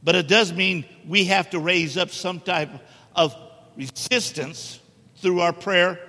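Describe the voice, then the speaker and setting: A middle-aged man preaches with a high, sharply bright voice, pressing his points hard and teasing the congregation. The sound rings with long church hall reverb. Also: slow pace. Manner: emphatic, joking with the congregation. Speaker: guest preacher. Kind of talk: sermon. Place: church sanctuary.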